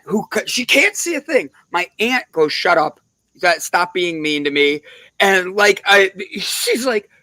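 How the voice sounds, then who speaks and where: A co-host in casual chat who tells jokes and stories in an animated way, laughing often. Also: mid-range voice, no echo. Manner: animated, joking storyteller with big laughs.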